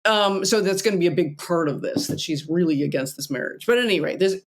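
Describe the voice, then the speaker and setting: A woman co-hosting a podcast in casual film chat, animated and wry, often laughing mid-sentence. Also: fairly low pitch, fast talker. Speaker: podcast co-host.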